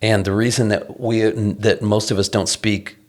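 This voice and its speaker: A man's voice: fairly low pitch, little pitch movement, moderate pace. A middle-aged man, a guest songwriter, talking casually and animatedly in an interview, restarting sentences and swearing freely.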